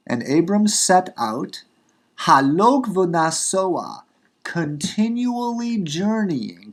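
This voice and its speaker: A man teaching a grammar lesson, going slowly and repeating and rephrasing each example, with frequent fillers and restarts. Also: on the high side, vocal fry. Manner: unhurried, repeats and rephrases for emphasis, many fillers. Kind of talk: recorded grammar lecture.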